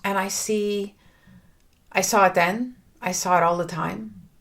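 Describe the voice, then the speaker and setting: A woman's voice: mid-range voice, steady tone, unhurried, gravelly, a bit bright. A middle-aged woman hosting a podcast, talking earnestly and reflectively in a personal monologue, with fillers and restarts. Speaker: podcast host.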